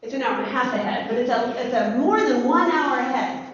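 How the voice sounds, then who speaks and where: An American woman teaching a planetarium class, chatty and lively, asking students questions. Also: high voice, a little fast, very echoey, far from the mic, lo-fi sound, slight background noise. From United States. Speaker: astronomy teacher. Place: planetarium dome.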